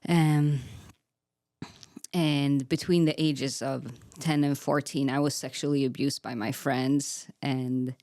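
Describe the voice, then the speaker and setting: A woman's voice: deep voice, a little mellow, no room sound, studio quality. A young woman giving an earnest, candid personal faith testimony as a podcast guest, with frequent "like" fillers. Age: young adult.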